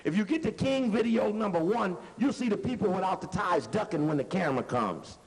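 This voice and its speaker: A man giving a lecture while commenting on video playback, animated and conversational, using street-talk grammar. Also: high voice, brisk. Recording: reverberant hall with faint noise.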